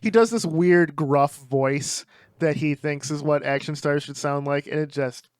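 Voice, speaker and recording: A young man co-hosts a casual podcast. His voice is smooth and resonant and sits a touch high. The sound is dry and close, and he talks in quick, animated bursts full of restarts. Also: no room sound. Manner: animated, frequent restarts and repeated words. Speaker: podcast co-host. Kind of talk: casual chat.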